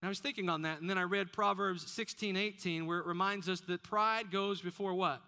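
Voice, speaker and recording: A man's voice: high-pitched, steady tone, brisk, pushed and bright. A man preaching a sermon as pastor, often putting questions to the congregation.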